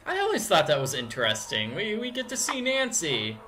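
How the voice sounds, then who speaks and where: A man's voice: a little high, wildly swooping pitch, sharp tone, a little hiss or hum. A man giving chatty, joking commentary while playing a video game. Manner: chatty, joking, drawn-out delivery. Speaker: let's play commentator. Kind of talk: casual gameplay commentary.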